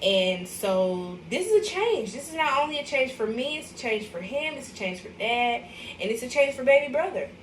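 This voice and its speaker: A woman's voice: on the high side, very animated, moderate pace, a little hiss or hum. A young woman from Arkansas, chatting in a casual, emotional way to viewers as a mother on a livestream vlog. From Arkansas, USA. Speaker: vlogger, mother. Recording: echoey room, mic at a distance.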